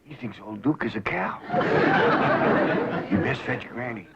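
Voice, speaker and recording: A man's voice: mid-range voice, wildly swooping pitch, slow pace, some chatter behind, exaggerated voice. An actor playing an easygoing middle-aged hillbilly father with a dry drawl, on a hissy 1960s TV soundtrack. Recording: hissy dull 1960s TV soundtrack with loud noise.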